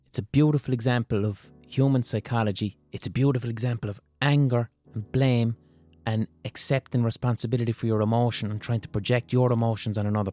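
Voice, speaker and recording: A young man talks through his podcast in a blunt, loose, conversational way, with plenty of swearing. His pitch sits right in the middle for a man. Soft music plays faintly behind him. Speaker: podcast host. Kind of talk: casual solo podcast monologue.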